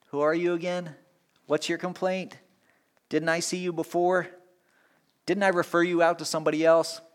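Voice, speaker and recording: A man's voice: a little high, flat delivery, moderate pace, pitched above the performer's own voice, natural voice. A man voicing a grumpy, dismissive judge who brushes off a complainant. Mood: impatient. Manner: impatient, brushing off. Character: grumpy, dismissive male judge, middle-aged.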